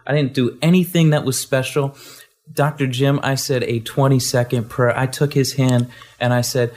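Animated man telling a faith story. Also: medium pitch, normal speed. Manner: animated storytelling, repeats words, acts out quotes. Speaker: guest.

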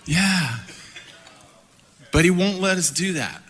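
A middle-aged man preaching a sermon, animated and playful, laughing often as he talks. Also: high-pitched, slow pace, slightly rough. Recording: hall reverb.

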